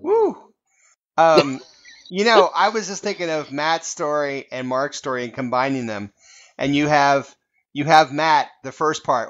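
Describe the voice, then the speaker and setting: A man hosting a casual fan podcast, talking in an animated way and laughing readily. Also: fairly high pitch, measured pace. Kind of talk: casual chat. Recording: dull lo-fi audio.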